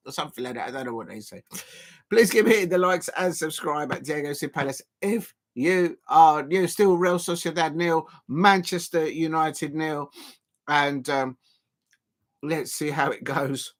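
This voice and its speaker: A man commentating live on a football match for his stream, rambling with many fillers and breaking into excited shouts at chances. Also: fairly high pitch, normal speed. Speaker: football watch-along streamer.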